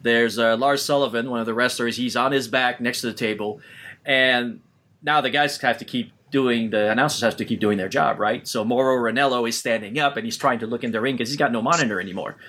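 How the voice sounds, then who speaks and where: A man co-hosting a podcast in casual chat, telling stories in an animated way, laughing often and restarting his sentences. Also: medium pitch, a little fast. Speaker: podcast co-host.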